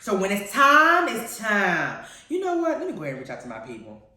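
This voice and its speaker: A woman hosts a casual radio chat about TV, playful and quick to laugh. Her pitch swings widely as she talks. She sounds a little far off, in a strongly echoing room. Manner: animated, playful, laughing often. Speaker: radio show host. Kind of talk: casual chat reviewing TV shows. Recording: very echoey, far from the mic.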